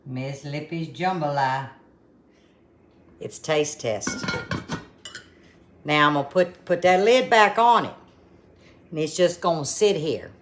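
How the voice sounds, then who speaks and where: A woman's voice: sits low, lively intonation, moderate pace, slight background noise. A woman hosting a casual cooking vlog from her kitchen, folksy and full of exclamations. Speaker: cooking channel host.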